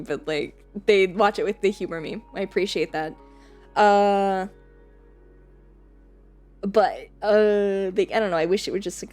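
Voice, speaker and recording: A woman streamer chatting casually on a live stream, rambling, laughing often and swearing casually. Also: fairly low pitch.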